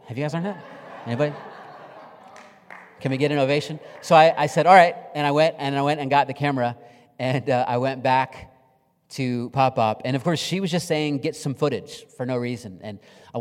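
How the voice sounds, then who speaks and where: A man's voice: medium pitch, a little mellow. A middle-aged man preaching a sermon as a pastor, telling stories in a conversational, emotional and humorous way on a stage mic in a church sanctuary. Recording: long reverb of a large hall.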